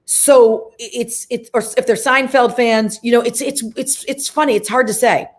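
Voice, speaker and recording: A middle-aged actress, a woman, chatting as an interview guest and telling lively stories. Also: fairly high pitch, moderate pace. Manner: lively storytelling, acts out quoted voices. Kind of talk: interview conversation.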